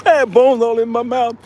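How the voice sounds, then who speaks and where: Slow-talking American man vlogging outdoors. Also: very high-pitched, a little hiss or hum. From United States. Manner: animated, laughing, addresses viewers as y'all. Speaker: vlogger, show host. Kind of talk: casual travel vlog storytelling.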